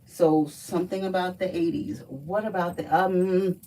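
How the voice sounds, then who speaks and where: A woman's voice: fairly low pitch, fairly even intonation, measured pace, dark tone, recorded from a distance, low-quality recording. A woman doing a casual live card reading, blunt and profane as she chats through each card. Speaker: livestream card reader.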